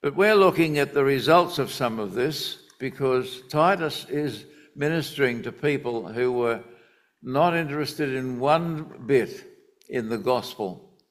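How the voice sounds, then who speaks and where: A man delivers a Sunday sermon, working through a Bible passage with deliberate emphasis. He speaks slowly at a middling pitch, taking his time over each point. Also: lively intonation. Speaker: preacher.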